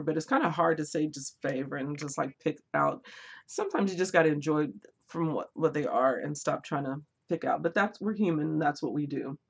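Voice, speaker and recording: Young woman, book live-stream host, lowish voice, laughs a lot, relaxed chat with viewers. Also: breathy edge. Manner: laughs often, chatty and lively, reads out viewer comments.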